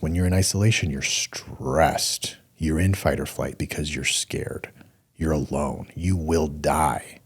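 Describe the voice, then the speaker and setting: A man's voice: extremely low pitch, darkish tone, husky. A middle-aged man hosting a solo talk show, speaking earnestly in a coaching way and repeating points for emphasis. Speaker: podcast host.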